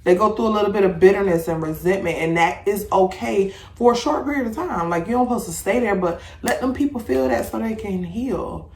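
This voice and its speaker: A woman hosting a casual podcast chat, talking bluntly with plenty of swearing and lively storytelling. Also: medium pitch, brisk, hardly any pauses, reverberant, a little hiss or hum. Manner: blunt, profane, animated storytelling. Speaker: podcast host. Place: home room with incense.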